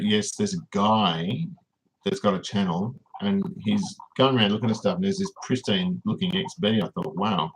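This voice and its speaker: A man's voice: fairly low pitch, a little hiss or hum, rough recording. An Australian man hosting a casual livestream, rambling and reading viewers' comments aloud as he answers them. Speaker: livestream host.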